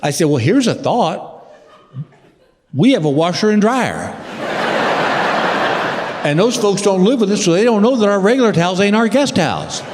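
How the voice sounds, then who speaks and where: A middle-aged man telling a stand-up routine, a drawling storyteller who mimics his wife in a higher voice. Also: very animated, normal speed, long pauses, background noise. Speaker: stand-up comedian. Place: large theater stage. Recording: long hall reverb with loud crowd. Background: audience laughter.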